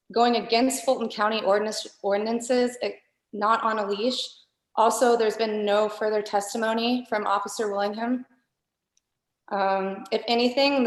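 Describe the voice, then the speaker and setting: A woman giving a firm, indignant comment at a public hearing. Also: medium pitch. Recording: echoey room.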